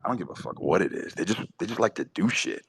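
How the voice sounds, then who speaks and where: A man's voice: deep voice, animated, fast, creaky, husky, dry recording. A man delivering a blunt, profane, opinionated monologue, hammering his points home by repeating them. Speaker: podcast host.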